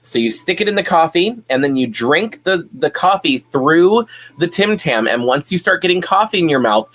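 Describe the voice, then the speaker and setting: A man's voice: a little high, lively intonation, normal speed, fairly bright tone. Chatty man hosting a casual live stream. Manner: chatty, rambling, frequent fillers and restarts. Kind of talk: casual live-stream chat, reading comments.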